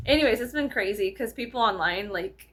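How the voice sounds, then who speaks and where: A woman, vlogging a casual, profane storytime rant, animated and exaggerating as she talks. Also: medium pitch, moderate pace.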